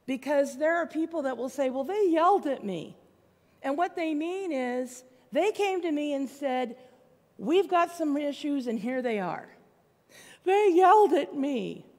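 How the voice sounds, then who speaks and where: A woman with a high voice preaches to her congregation. She talks in a conversational, plainspoken way, and her words ring out with a long reverb through the church hall. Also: a little mellow. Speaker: pastor. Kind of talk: sermon. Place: church sanctuary.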